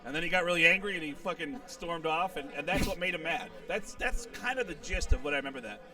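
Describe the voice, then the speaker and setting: Male comedian guest, high-pitched, loose profane storyteller, picked up from a distance. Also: fast, faint music behind. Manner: animated anecdote teller, swears freely. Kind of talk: casual storytelling.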